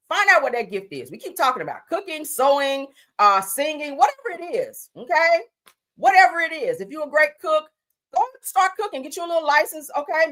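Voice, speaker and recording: On a livestream, a woman with a somewhat high voice gives sassy, animated commentary on news and gossip. She swears freely and calls her listeners honey.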